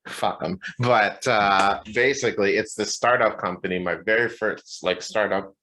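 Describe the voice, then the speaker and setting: A man co-hosting a podcast, telling a story in a casual, animated and profane way. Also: on the low side, normal speed, slight background noise. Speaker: podcast co-host. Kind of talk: casual chat.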